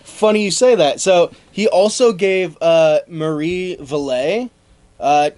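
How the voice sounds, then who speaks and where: A young man with a high-pitched voice tells a historical story on a podcast. He keeps it casual and jokey, with offhand commentary. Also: slow, a little mellow. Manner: breezy, joking narration. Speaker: podcast co-host telling the story.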